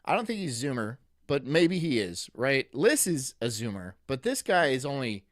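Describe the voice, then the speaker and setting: Streamer guy in his 30s, reads chat out loud, crude jokes, voice bounces all over, dry close sound. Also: mid-range voice, sing-song, normal speed, no room sound. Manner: rambling, reads viewer chat aloud, crude joking. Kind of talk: casual live-stream chat.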